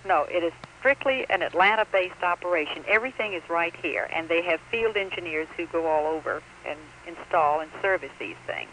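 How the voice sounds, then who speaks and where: A woman who voices telephone announcements talks on the phone, chatty and emphatic, laughing easily. Her tone is bright and forward, and a faint hiss of noise sits under the line. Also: lowish voice, brisk, few pauses, poor audio. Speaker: recorded telephone announcement voice talent. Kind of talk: phone conversation.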